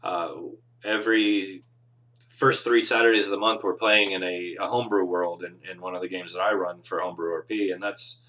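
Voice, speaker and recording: A man's voice: low voice, fairly even intonation, normal speed, pushed and bright. A man who runs tabletop games, giving casual, earnest advice on a live show with encouraging, rambling talk. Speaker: game master, podcast host.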